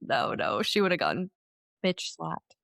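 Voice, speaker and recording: A woman's voice: lowish voice, a little slow, gravelly, no room sound, studio quality. A woman co-hosting a podcast in casual chat, swearing, laughing often and acting out quotes. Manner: animated, profane, laughs often, acts out quotes. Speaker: podcast co-host.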